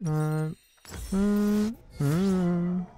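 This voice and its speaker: A man's voice: high voice, steady tone, very slow, warm tone, faint music behind. A man streaming his live gameplay with frustrated, swearing commentary, often chanting words over and over. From Europe.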